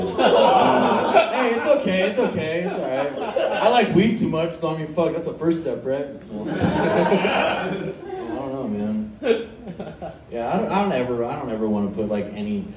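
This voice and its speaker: A man's voice: on the high side, roomy sound, distant mic, very noisy. A man in his twenties telling a rambling, profane story in a stand-up set, laughing as he goes. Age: 20s. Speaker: stand-up comedian.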